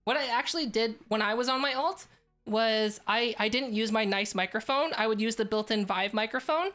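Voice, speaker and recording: A woman's voice: a little high, normal speed, fairly bright tone, soft background music. A woman streaming live, chatting casually and rambling with lots of fillers. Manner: rambling, filler-heavy, restarts often.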